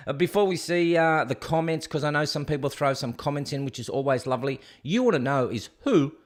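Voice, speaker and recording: A man's voice: fairly high pitch, a little fast. Chatty Australian man hosting a livestream. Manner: chatty, jokey, rambling, reads comments aloud. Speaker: host. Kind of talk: casual solo livestream chat.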